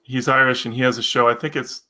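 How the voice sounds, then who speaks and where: Bright-voiced American man co-hosting. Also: mid-range voice, fairly even intonation, quick pace. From United States. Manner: chatty, rambling, reads viewer comments. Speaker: co-host of a live stream. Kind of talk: casual live-stream chat.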